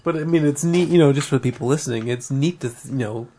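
A man's voice: medium pitch, fast talker, warm tone, a little hiss or hum. A man co-hosting a podcast, chatting casually and rambling, laughing often, a bit tipsy from beer. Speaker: podcast co-host. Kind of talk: casual chat.

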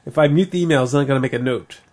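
A man's voice: medium pitch, very fast, a little mellow. A man co-hosting a podcast, chatting casually and rambling, laughing often, a bit tipsy from beer. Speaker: podcast co-host. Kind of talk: casual chat.

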